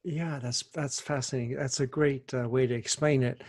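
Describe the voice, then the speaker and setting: A man hosting a podcast interview works his way through long, winding questions. He restarts himself often and leans on fillers as he thinks aloud, in a voice of ordinary pitch for a man. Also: fairly even intonation, moderate pace, darkish tone, slightly rough. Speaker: podcast host.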